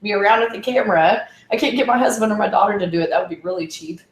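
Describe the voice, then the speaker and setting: A woman's voice: medium pitch, rapid-fire, roomy sound. A woman chatting as a guest on a show, telling stories with lots of laughter and acting out the voices of others. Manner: laughing storyteller, acts out voices. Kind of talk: casual chat.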